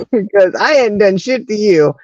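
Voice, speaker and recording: A woman's voice: medium pitch, animated, slow, a little mellow, no room sound. A woman trades stories in easy, casual chat. She laughs often and acts out her own lines with sass. The sound is dry and slightly muffled. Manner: laughs often, quotes herself with attitude. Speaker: co-host.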